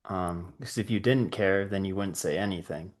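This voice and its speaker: Very deep-voiced male host. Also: normal speed. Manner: relaxed and reassuring. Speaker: podcast host. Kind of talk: casual conversation.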